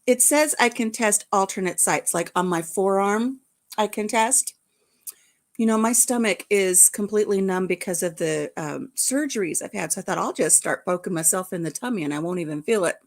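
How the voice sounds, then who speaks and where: A woman's voice: medium pitch, moderate pace. Chatty, rambling woman vlog host. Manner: chatty and rambling, greeting viewers by name. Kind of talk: casual livestream chat.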